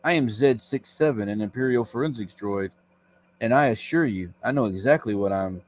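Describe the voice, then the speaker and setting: A man's voice: lowish voice, normal speed, lightly acted. A man reading the lines of a fussy male forensic robot droid from a comic, in a precise, clinical way.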